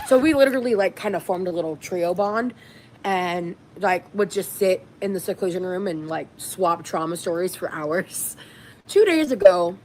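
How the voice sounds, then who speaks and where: A woman vlogger telling a story casually, animated, swearing and acting out what people said. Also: fairly low pitch, normal speed, slight background noise, low-quality recording. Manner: animated, swearing, acts out quotes.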